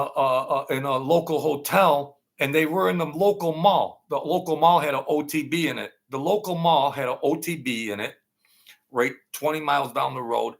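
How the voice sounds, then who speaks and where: A man hosting his own channel, telling a long casual story in a rambling, halting way, full of fillers and restarts. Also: on the high side, vocal fry, fairly bright tone. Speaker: channel host telling stories.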